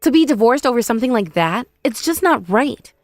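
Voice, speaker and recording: A woman's voice: a little high, very animated, fairly quick, dry recording, faint music behind. A woman voicing a remorseful young sister-in-law who pleads and whines for forgiveness. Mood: protesting. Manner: pleading, whiny, self-pitying.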